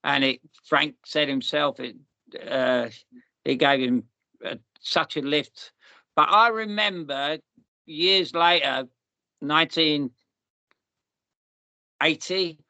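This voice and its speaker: A man's voice: on the high side, pushed and bright, no room sound. A man, hosting a podcast and telling long rambling stories in a casual chat. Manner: rambling, restarts and repeats, storytelling. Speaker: podcast host.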